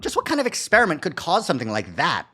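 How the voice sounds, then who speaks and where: Expressive man streaming a game. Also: a little high, fast talker, husky. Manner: wry, expressive, joking asides. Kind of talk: gameplay commentary and reading narration aloud. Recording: stream with faint game music.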